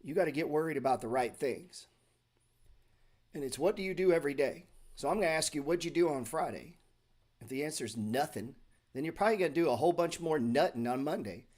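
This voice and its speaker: Middle-aged male host, slightly higher voice, blunt, profane, sarcastic, unscripted market chat. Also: animated, brisk, darkish tone. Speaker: stock market show host. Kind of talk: casual livestream talk.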